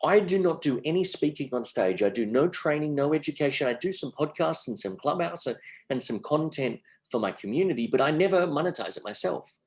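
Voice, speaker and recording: A man's voice: fairly high pitch, fairly quick. Emphatic Australian businessman. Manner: energetic, emphatic, repeats phrases. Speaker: entrepreneur guest. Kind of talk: podcast interview.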